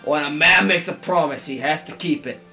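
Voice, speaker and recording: A man's voice: a little high, moderate pace, sharp tone, faint music behind. A young man doing a drunken comic dub of game dialogue, mock-dramatic and sweary. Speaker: player voicing game dialogue.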